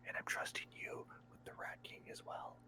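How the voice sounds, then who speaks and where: A man in whispered role-play, softly encouraging a friend in his ear. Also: normal speed, close to an everyday voice. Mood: soothing. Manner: soothing, encouraging. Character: soft-spoken male cheerleader in a friend's ear.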